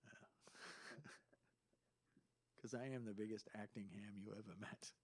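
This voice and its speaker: A man's voice: fairly low pitch, steady tone, slow, husky. Rambling male storyteller host. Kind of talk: casual chat.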